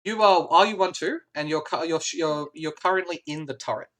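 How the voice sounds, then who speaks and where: A game master runs a tabletop game in a mid-pitched voice. The speech rambles, with restarts and laughter. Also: brisk, a bit bright.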